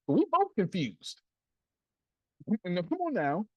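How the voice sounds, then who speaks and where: A man's voice: sits high, fairly bright tone, husky, dry recording, muffled recording. A man teaching a group class in a preachy, playful way, acting out little scenes, with speech. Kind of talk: animated group teaching talk.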